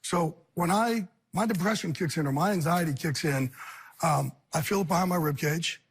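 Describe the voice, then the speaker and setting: Husky, high-voiced man speaking earnestly. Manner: earnest and intense, talks in rushing bursts. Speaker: talk show guest. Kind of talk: candid talk show interview.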